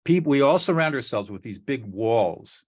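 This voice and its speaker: A man's voice: mid-range voice, expressive, normal speed. A man co-hosting a talk on relationships, explaining a technique in an earnest, methodical way and acting out sample dialogue. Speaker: co-host teaching relationship skills.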